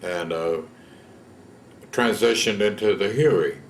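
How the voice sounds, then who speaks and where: A man's voice: lowish voice, slow pace, echoey room, a little hiss or hum. A man, telling his own story in a plain-spoken, folksy way in an oral history interview. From Texas. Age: 70s. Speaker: veteran interviewee.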